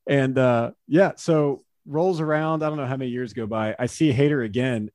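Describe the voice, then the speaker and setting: A man in his forties, a former pro pitcher, telling stories as an interview guest, chatty and laughing often, with lots of fillers. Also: moderate pace, few pauses, a little mellow, no echo, soft background music. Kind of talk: casual storytelling in an interview.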